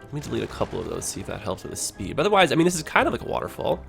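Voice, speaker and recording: A man with a Toronto Canadian accent gives casual commentary on his game stream, chatty and loose with filler words. His voice is gravelly and swings up and down a lot. Faint music runs underneath. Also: medium pitch, sing-song, racing. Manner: chatty, full of "like" and "you know". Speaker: livestreamer.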